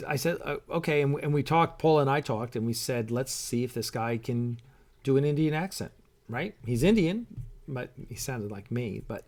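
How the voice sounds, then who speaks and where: A middle-aged man hosts a casual live stream, chatting loosely and reading out viewer comments. He rambles, piling up fillers and false starts, and pauses now and then to sip his coffee. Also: medium pitch, darkish tone. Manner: rambling, with many fillers and restarts. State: sipping coffee while talking. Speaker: show host and producer.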